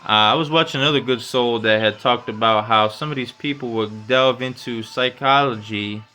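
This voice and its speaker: A man hosting his own podcast, rambling in loose, profane slang and dropping "you know, man" all over. His voice is bright and forceful, and he climbs loud and high when he gets fired up. Faint music plays underneath. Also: moderate pace. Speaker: podcast host. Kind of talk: casual solo podcast rant.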